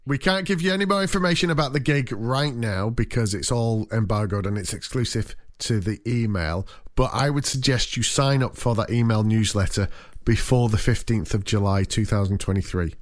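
A man from Manchester with a Mancunian accent, co-hosting a comedy podcast with dry deadpan quips. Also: medium pitch, normal speed, no room sound. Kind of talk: casual comedic banter.

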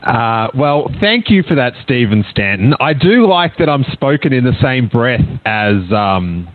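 A man hosting a casual call-in stream, upbeat and chatty with filler pauses. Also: medium pitch, big pitch swings. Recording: tinny phone-like stream audio.

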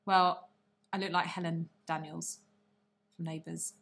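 A woman co-hosting a podcast in relaxed conversation. Her voice sits a little low. She talks with dry, self-deprecating humour. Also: unhurried, creaky. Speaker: podcast co-host. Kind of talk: casual chat.

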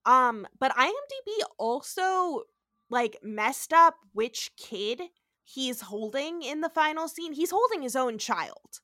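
A woman's voice: sits high, expressive, takes it slowly, sharp tone, no room sound, clean studio sound. A woman co-hosting a podcast in casual chat, talking in a chatty way, swearing freely and acting out quotes. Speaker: podcast co-host.

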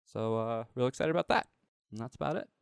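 A man's voice: mid-range voice, fast talker, gravelly, smooth, dry recording, studio quality. A man telling a casual story in a chat, rambling and filling gaps with "like" and "um.". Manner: rambling, heavy use of "like" and "um".

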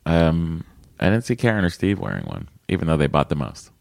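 A man's voice: sits low, sing-song, fairly quick, creaky, a little mellow, dry recording, clean studio sound. A man co-hosting a casual podcast, joking around and reading listener emails aloud. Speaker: podcast co-host.

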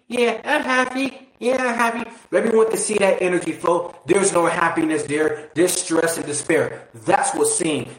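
A man giving a blunt, preachy motivational talk that swears casually and fires direct questions at the listener. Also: high-pitched. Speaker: motivational speaker. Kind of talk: motivational monologue. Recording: roomy echo.

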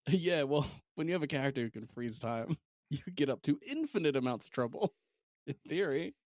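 Playful, lively New man. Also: fairly high pitch, fairly quick, no room sound, clean studio sound. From New Zealand. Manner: playful, laughing, teasing. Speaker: podcast co-host and game master. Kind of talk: casual chat.

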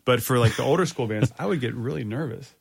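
A man's voice: mid-range voice, fast talker, gravelly, slightly rough, dry recording. Laughing man retelling a backstage story. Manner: laughing, acts out quotes. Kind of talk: casual storytelling.

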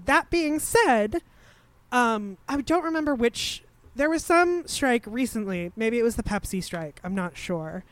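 A young woman co-hosting a podcast in casual chat, quick and offhand. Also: a little high, lively intonation, no room sound. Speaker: podcast co-host.

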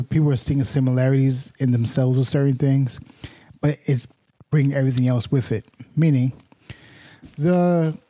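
Male podcast co-host, mellow voice, dry close sound, rambling explainer. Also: medium pitch, no echo. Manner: rambling, restarts sentences while explaining, laughs at his own points. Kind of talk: casual chat.

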